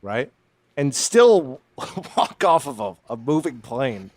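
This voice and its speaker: A man with a middle-pitched voice riffs wryly on a comedy podcast. He keeps pulling the chat back on track between jokes. His mic sounds dry and close. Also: very animated, slow, no room sound. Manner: riffing, wry, keeps the show on track. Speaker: podcast co-host. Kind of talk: casual comedic banter.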